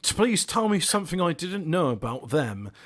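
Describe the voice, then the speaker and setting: A man with a fairly high voice that swings widely up and down. He stammers on his restarts and drops dry, sarcastic asides in casual podcast banter. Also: very animated, normal speed.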